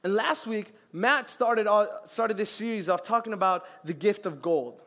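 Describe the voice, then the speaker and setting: Young man, youth pastor, sermon, high voice, lively, joking, acts out quotes. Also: measured pace. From Colombian family, raised in Florida.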